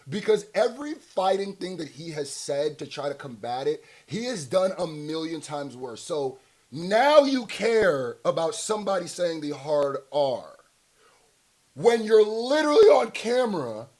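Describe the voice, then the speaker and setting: A man's voice: a little high, a little mellow. A man hosting casual reaction commentary, talking bluntly with slang and rhetorical questions and laughing often. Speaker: commentary host.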